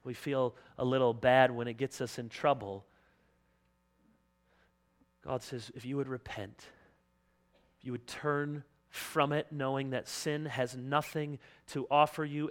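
A man preaching a sermon as pastor, impassioned and dramatic, swinging between loud urgency and quiet pleading. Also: mid-range voice, level tone, a little slow. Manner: impassioned, acts out quoted voices.

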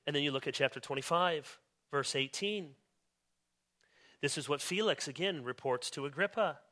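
High, bright-voiced preacher man. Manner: emphatic, pushes key words louder and slower; reads scripture aloud with rising intensity. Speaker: pastor. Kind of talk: expository sermon.

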